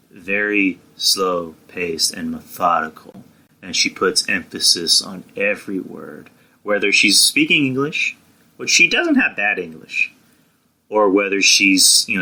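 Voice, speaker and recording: A young man with a low, bright, forceful voice reviews a wrestling show on his podcast, captured on a rough recording. He rambles bluntly, restarting often and leaning on fillers and swearing.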